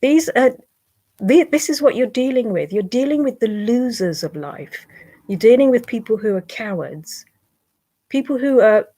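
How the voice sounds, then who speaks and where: A woman's voice: mid-range voice, warm tone. A British woman on a livestream, bluntly scolding and swearing at online trolls.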